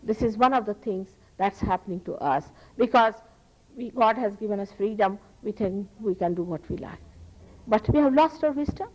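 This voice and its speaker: A woman from India with an Indian accent, giving an earnest, emphatic spiritual lecture as a teacher to an audience, with pauses and restarts. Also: medium pitch, lo-fi sound.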